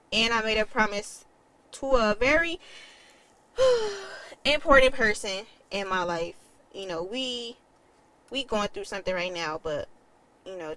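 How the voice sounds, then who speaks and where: A woman's voice: medium pitch, sharp tone, poor audio. A young adult woman telling a personal story in a candid, emotional way, with casual swearing. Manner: quotes others in a changed voice. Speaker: vlogger.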